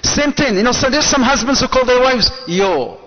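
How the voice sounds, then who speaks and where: Male preacher, high voice, animated lecturing with Arabic asides; muffled hall recording. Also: fairly quick, slight background noise. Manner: lively, mixes Arabic phrases into English. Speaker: Islamic preacher. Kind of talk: lecture to a live audience. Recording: dull, echoey hall sound.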